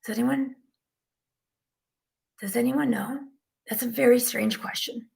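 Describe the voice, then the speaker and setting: A woman medium channels spirits live from her living room. She sounds flustered and keeps slipping into hushed, whispered asides. Her voice is fairly high with a gravelly fry. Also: fairly even intonation, a little slow. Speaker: psychic medium.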